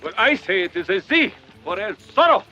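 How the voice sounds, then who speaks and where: An actor playing a proud, commanding masked hero in an old film clip. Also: male voice, sits high, sing-song, moderate pace, bright, forceful tone, muffled recording, soft background music, heavily acted. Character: bold masked hero, sure of himself.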